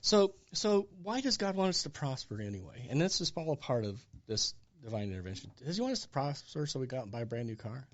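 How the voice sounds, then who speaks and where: Man in his sixties, lively storyteller. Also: medium pitch, fast, hardly any pauses, muffled recording. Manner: animated storyteller acting out dialogue. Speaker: pastor and guest. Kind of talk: storytelling interview.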